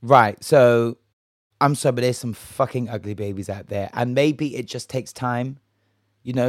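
A man's voice: mid-range voice, no room sound, clean studio sound. A man hosting a casual solo gossip podcast, chatty and jokey, swearing and rambling, a little tipsy. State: a bit tipsy. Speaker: podcast host.

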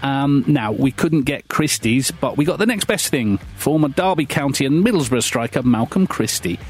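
A man's voice: medium pitch, animated, moderate pace, breathy edge. An actor playing an indignant, whiny male radio co-host who is jealous of his partner.

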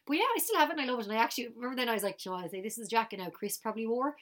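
An Irish woman in her thirties co-hosts a podcast, telling stories in chatty, casual conversation and sometimes dropping to a whisper. Her voice is a little high and a bit bright, animated and rapid-fire.

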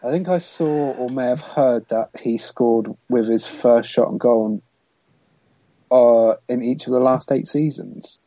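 Man, mellow warm tone, measured, dry close mic, dull lo-fi. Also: medium pitch, no echo. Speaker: podcast co-host. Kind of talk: casual football podcast chat.

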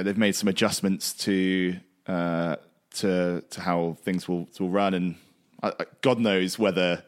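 A man with a lowish voice rambles through casual podcast talk. He stumbles and repeats words, often adding "you know.". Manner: rambling, hesitant, repeats words, laughs along. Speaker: podcast co-host. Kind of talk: casual cricket podcast chat.

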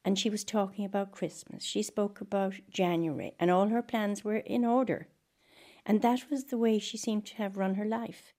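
A woman recalling someone in a calm, measured way during an interview. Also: medium pitch. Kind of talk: interview recollection.

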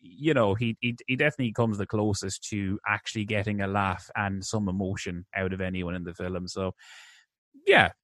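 A man with a somewhat low voice talks through a film review in casual podcast chat. He is animated, laughs often and stumbles into quick restarts. The sound is close and dry. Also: no echo. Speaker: podcast co-host.

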